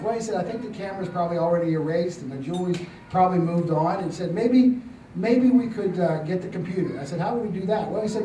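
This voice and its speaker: An older man telling a story to a congregation, halting with many fillers and restarts and a gently amused tone. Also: high-pitched, distant mic, slight background noise. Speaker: church speaker telling a testimony. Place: church hall. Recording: roomy church recording from off-mic with faint ambience.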